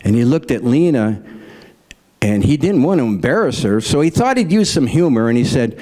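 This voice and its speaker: A man's voice: medium pitch, very animated, normal speed, warm tone. A middle-aged man telling folksy stand-up jokes about his grandparents, acting out their voices. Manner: folksy storyteller, acts out grandparents in raised voices. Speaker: stand-up comedian.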